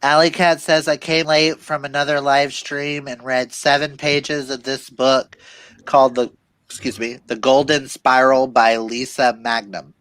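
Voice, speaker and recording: A man co-hosting a reading livestream, chatting casually and telling animated stories while laughing often. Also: mid-range voice, measured pace, smooth, no echo. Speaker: livestream co-host.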